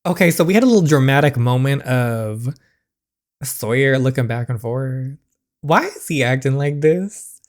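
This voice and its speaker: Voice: mid-range voice, expressive, moderate pace. A channel host reading through a story game, chatty and reactive in casual commentary.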